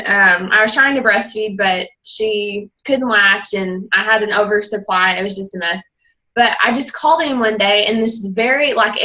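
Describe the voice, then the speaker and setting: A woman's voice: mid-range voice, pushed and bright, low-quality recording. A young woman on a team call who tells her personal story candidly and rambles a little, acting out the people she quotes. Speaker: guest speaker and fitness coach.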